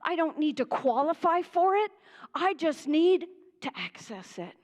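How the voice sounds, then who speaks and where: A woman minister from Pennsylvania giving an animated sermon, chatty and laughing, then dropping to hushed tones. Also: sits high, a little slow, big-room sound. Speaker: guest minister. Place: church sanctuary.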